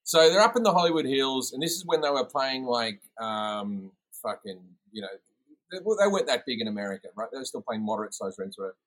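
A man's voice: mid-range voice, fast talker, poor audio. A man with an Australian accent telling rowdy stories in casual chat, swearing often and imitating people as he goes. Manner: swearing, animated storyteller who imitates people. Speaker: comedian podcast guest.

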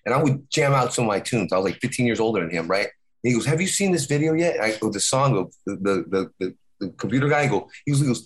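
A middle-aged man co-hosting a podcast, telling stories in casual chat with many restarts and halting repeats. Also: medium pitch, lively intonation. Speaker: podcast co-host.

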